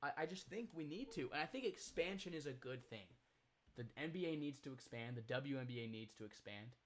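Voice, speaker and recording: A man's voice: medium pitch, animated, a little fast. Rambling, opinionated male podcast co-host. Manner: rambling, opinionated, trails off and restarts. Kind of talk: casual sports chat. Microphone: remote recording, apart from co-host.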